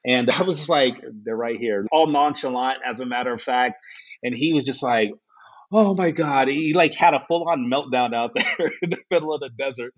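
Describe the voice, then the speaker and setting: A man's voice: mid-range voice, a little fast, muffled recording. A man, a guest on a podcast, telling a funny story in a casual way and laughing often. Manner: laughs often, animated anecdotes. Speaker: interview guest.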